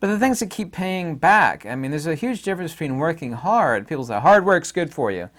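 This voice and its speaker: A man's voice: fairly high pitch, big pitch swings, brisk, fairly bright tone. A middle-aged man hosting his own channel, giving a rambling, opinionated monologue full of fillers and asides. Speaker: channel host. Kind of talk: casual monologue to camera.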